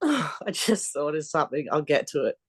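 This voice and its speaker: A woman's voice: low voice, unhurried, husky. A woman, a strongwoman athlete telling blunt, swear-filled stories in a casual interview. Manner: blunt, swears freely, animated storyteller. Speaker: podcast guest, strongwoman athlete.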